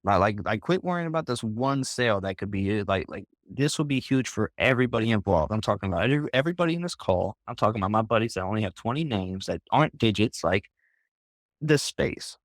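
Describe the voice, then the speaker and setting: A man's voice: on the low side, expressive, fast, no echo, clean studio sound. A man, a guest on a group voice call, telling a story in a casual, rambling way, leaning on "like" and "bro" and restarting his sentences. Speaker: interview guest.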